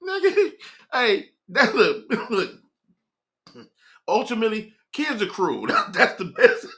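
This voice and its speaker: Young male host, keeps breaking into laughter, animated delivery. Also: high-pitched, slow pace. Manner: laughing hard, breaking into giggles between words. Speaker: morning show host. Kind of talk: casual chat with live viewers.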